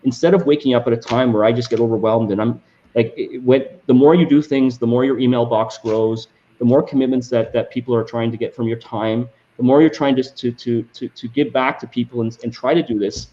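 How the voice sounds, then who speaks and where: A man's voice: medium pitch, steady tone, fairly quick, mellow. A man speaks as an interview guest, earnest and passionate. He often restarts his sentences and repeats words. His mid-range voice comes through a dull, lo-fi recording. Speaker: guest entrepreneur. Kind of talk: reflective interview answers.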